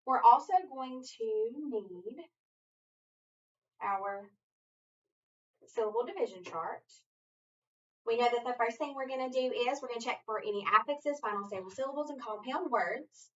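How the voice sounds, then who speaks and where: A woman tutoring reading, walking a student through phonics coding rules at a slow, deliberate pace. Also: fairly high pitch, distant mic. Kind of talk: structured phonics lesson. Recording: muffled audio from away from the mic.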